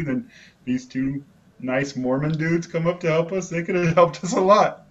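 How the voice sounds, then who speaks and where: A man's voice: fairly high pitch, fairly even intonation, moderate pace, dull audio. A man co-hosting a casual chat show, telling rambling anecdotes and laughing often. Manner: laughs a lot, rambling anecdotes with loud impressions. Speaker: podcast co-host.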